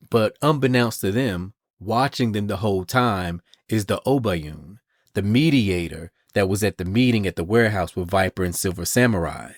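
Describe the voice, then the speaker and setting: Low-voiced man recapping comics. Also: normal speed, no echo, clean studio sound. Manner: chatty storytelling, retells scenes with "and she goes". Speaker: podcast host. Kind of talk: casual comic-book recap.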